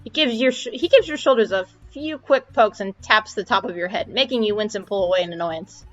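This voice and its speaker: A woman's voice: medium pitch, fairly quick, hardly any pauses. A woman streamer reading a visual novel aloud, stopping for chatty asides about the game. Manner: chatty asides, laughing at typos. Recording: dull audio with faint game music.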